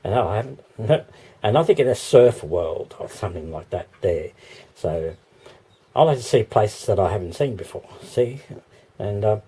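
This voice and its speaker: A man with an Australian accent, hoarse and losing his voice, chatting in a rambling vlog with many ums and little laughs. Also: fairly low pitch, animated, measured pace, dark tone. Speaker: vlogger. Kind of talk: casual vlog chat. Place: walking outdoors. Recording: outdoor background noise.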